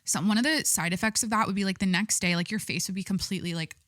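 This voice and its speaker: A woman's voice: mid-range voice, fast, a bit bright, no echo, studio quality. A young adult woman hosting a podcast, talking casually and rambling with lots of filler words. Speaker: podcast host. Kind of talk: casual chat.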